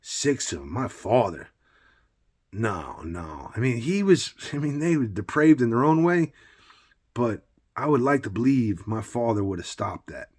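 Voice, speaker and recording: A man, mid-pitched and plain, rambling through a blunt personal monologue. He talks loosely and keeps tossing in casual asides. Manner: blunt, loose and rambling, full of "you know what I mean".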